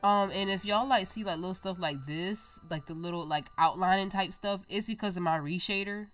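A young woman hosting her own gaming channel, chatting excitably to viewers over gameplay while her nose is stuffy. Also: mid-range voice, a little fast, faint music behind. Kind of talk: casual gameplay commentary.

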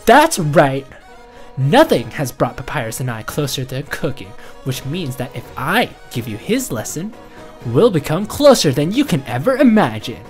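A woman's voice: sits low, very animated, normal speed, soft background music. Undyne, a woman doing a brash fish warrior. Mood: fired up. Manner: loud, boisterous, bursts of shouting. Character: brash hot-headed fish warrior woman, head guard. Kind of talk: reading game dialogue aloud in a let's play.

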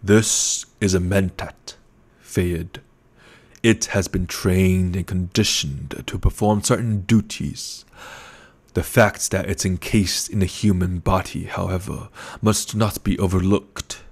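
A man voicing a gluttonous, scheming older male baron who speaks slowly and condescendingly. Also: low-pitched, steady tone, breathy edge, full character voice. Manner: slow, menacing and condescending.

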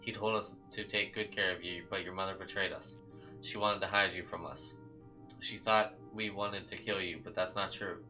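A man's voice: low-pitched, steady tone, moderate pace, sharp tone, soft background music. A man voicing a stern, manipulative aunt who speaks in a cold, coaxing way.

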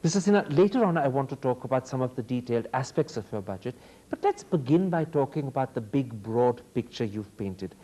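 A man's voice: mid-range voice, sing-song, brisk, dark tone. A man with an Indian accent hosting a TV interview, asking probing, articulate questions. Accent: Indian English. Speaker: TV interviewer host. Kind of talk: formal TV interview.

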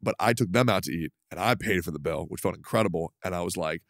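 A man's voice: low voice, fast talker, fairly bright tone, no echo, clean studio sound. A man co-hosting a podcast, talking bluntly in slang and swearing casually. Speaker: podcast co-host, streamer. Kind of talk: casual chat.

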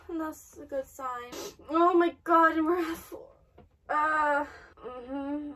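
A woman's voice: high-pitched, takes it slowly, pushed and bright, recorded from a distance, a little hiss or hum. A woman reacting aloud to an anime episode, emotional, exclaiming and trailing off mid-sentence.

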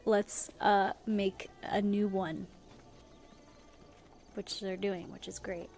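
A woman's voice: mid-range voice, a little mellow. A young woman streaming a video game, chatting casually with her viewers, giggling often and using lots of fillers. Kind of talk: casual gameplay livestream chat.

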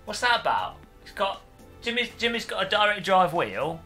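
A man's voice: sits high, big pitch swings, normal speed, pushed and bright, soft background music. A man on a casual livestream, joking, swearing and mocking himself while setting up gear. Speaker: streamer.

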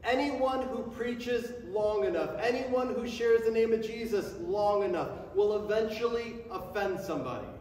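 A man with a very high voice preaches a sermon to his congregation, speeding up and climbing in pitch as his passion builds. He is recorded from far off in a big, echoey sanctuary with a long reverb tail and a faint hum behind him. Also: normal speed, hardly any pauses, darkish tone. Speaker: pastor. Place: church sanctuary before a congregation.

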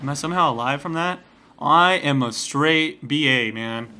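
A man doing jokey, excitable let's play commentary, exclaiming at the game as he plays. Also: on the high side, moderate pace, a little hiss or hum. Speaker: gaming commentator. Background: loud game music and gunfire.

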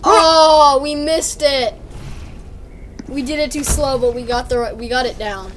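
A woman with a notably high voice gives casual co-op gaming commentary. She is excitable and teasing, quick to giggle at her partner's mistakes. A faint hiss of noise sits under the recording. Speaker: let's play co-host.

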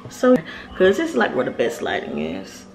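A woman with a Southern American accent talking casually to her viewers in a home vlog, animated and full of "y'all" and "like.". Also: a bass voice, moderate pace, a little hiss or hum. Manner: animated, addresses viewers as y'all, lots of likes. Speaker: vlogger.

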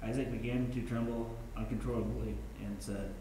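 A man's voice: mid-range voice, level tone, normal speed, dark tone. A man in a Bible study group reading scripture aloud, stumbling and restarting a few words. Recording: far-off mic in a very echoey room, faint noise.

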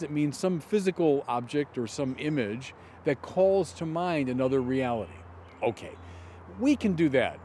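Middle-aged bishop teaching outdoors. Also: male voice, fairly high pitch, darkish tone, slight background noise. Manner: deliberate and emphatic, slowing down on key words. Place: outdoor garden.

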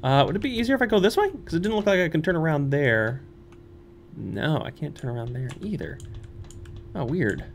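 A man's voice: on the high side, expressive, fairly quick, gravelly. A young man playing a horror game on his channel, muttering nervously to himself and breaking into squeals and laughs. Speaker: let's play streamer. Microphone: studio microphone.

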